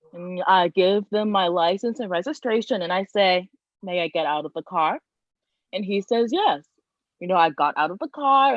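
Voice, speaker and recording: A woman telling a personal story in a casual, animated way, with many fillers. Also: medium pitch, no echo. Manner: animated, lively retelling with frequent fillers. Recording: dull, dry, lo-fi sound.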